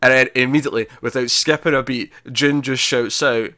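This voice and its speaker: A man's voice: medium pitch, fairly even intonation, brisk, sharp tone, no room sound, studio quality. A man co-hosting a casual TV review chat, recapping scenes animatedly with frequent laughs and restarts. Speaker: podcast co-host reviewing a TV episode.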